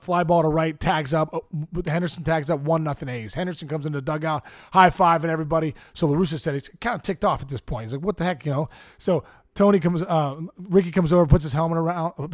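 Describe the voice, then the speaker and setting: A middle-aged man with a high voice spins a story in rapid-fire style, acting out the people in it. He talks casually as a podcast guest, and the recording is dry and close. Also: fairly even intonation, no echo. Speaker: guest, former ballplayer. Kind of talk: animated anecdote storytelling.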